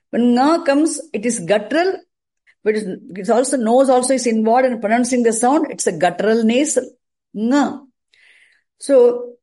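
A woman teaching Sanskrit pronunciation and chanting, speaking deliberately and repeating sounds to demonstrate them. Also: on the high side, mellow. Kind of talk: slow explanatory lesson.

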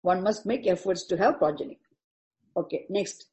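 A woman's voice: on the low side, a little mellow, poor audio. A woman teaching a scripture commentary, explaining each term carefully and repeating words for emphasis. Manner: deliberate, repeats terms and explains each word.

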